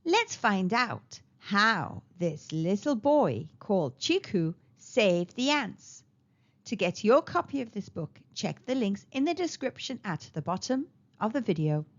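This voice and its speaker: A woman reading a children's storybook aloud in an animated, sing-song way. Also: medium pitch, measured pace. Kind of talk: read-aloud storybook narration. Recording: slightly dull lo-fi recording.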